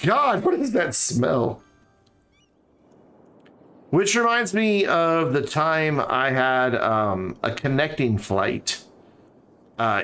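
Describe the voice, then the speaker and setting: A man's voice: medium pitch, fairly bright tone. A man streaming a city-building game, chatting casually and thinking aloud as he builds. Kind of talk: casual let's-play commentary.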